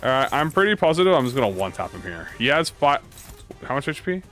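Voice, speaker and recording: A young man giving casual let's-play commentary, excitable and slangy, swearing freely as he thinks out loud. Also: medium pitch, fast. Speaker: gaming YouTuber. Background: faint game music.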